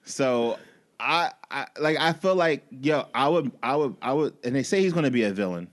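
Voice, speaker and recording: A man's voice: mid-range voice, expressive, normal speed. A man co-hosting a podcast in casual studio chat, opinionated and profane, often restarting his sentences. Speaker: podcast co-host.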